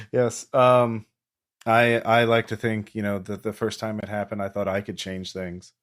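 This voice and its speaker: An eerily content woman in a golden half mask, with a man doing her voice drifts through her lines in a dreamy, wistful murmur. The voice sits very low for a woman, close to a deep man's register. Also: little pitch movement, measured pace, pauses often, fairly bright tone. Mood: serene, wistful. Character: serene masked woman at a masquerade, eerily content.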